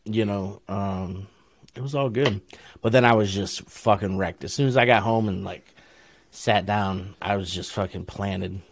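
Podcast co-host, Ohio man, middle-aged, low voice, relaxed and crude, laughs a lot. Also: measured pace. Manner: laid-back, profane, laughs often. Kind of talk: casual chat, storytelling.

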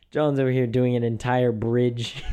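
A man's voice: mid-range voice, smooth. Laughing young man chatting casually. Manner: laughs often, animated storytelling. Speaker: podcast co-host. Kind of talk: casual chat.

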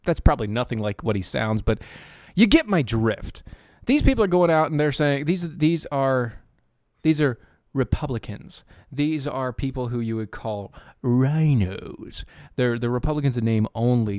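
A man's voice: medium pitch, lively intonation, measured pace, darkish tone, no echo, clean studio sound. A man hosting a casual political commentary podcast, sarcastic and rambling with many restarts. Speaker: podcast host.

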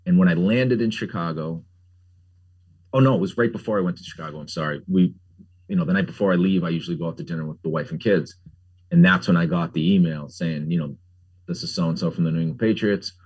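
Middle-aged male guest, casual and jokey, filler-heavy storyteller; low, husky timbre. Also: fast talker, a little mellow. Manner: rambling, frequent "like" fillers, jokey. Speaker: guest, pumpkin carver. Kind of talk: casual conversational interview.

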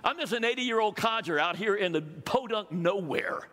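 A man's voice: high-pitched, animated, normal speed, fairly bright tone, voice pushed up. Man putting on a protesting old Moses. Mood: incredulous. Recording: long reverb of a hall.

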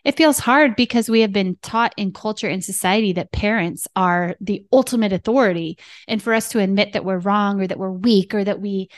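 Female parent coach and podcast host, mid-pitched, instructive, dry close-mic read. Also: a little fast, few pauses, dry recording. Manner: teaching in numbered steps, checking in with "right?" and "okay".

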